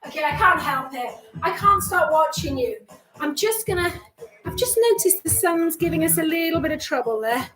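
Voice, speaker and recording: A woman's voice: sits high, expressive, moderate pace, sharp tone. A woman fitness instructor coaching a live online exercise class with encouraging cues, countdowns and chatty asides, a little out of breath. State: slightly out of breath. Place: home room, indoors. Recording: roomy echo, distant from mic, faint music.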